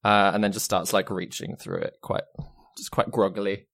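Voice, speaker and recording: A woman's voice: extremely low pitch, steady tone, normal speed, creaky. A woman narrating as game master, giggly and rambling.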